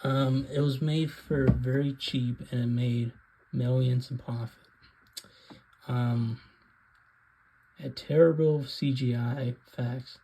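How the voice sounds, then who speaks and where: A man hosts his own video with a casual film rant, speaking in a steady, medium-pitched voice. He takes it slowly, with long pauses, frequent ums and rambling hesitation, against a noisy background.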